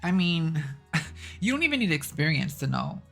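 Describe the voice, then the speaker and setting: A woman's voice: deep voice, very animated, moderate pace, vocal fry, fairly bright tone, soft background music. A young woman ranting to her vlog audience, exasperated and blunt, swearing and repeating herself. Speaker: vlogger. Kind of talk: casual rant to camera.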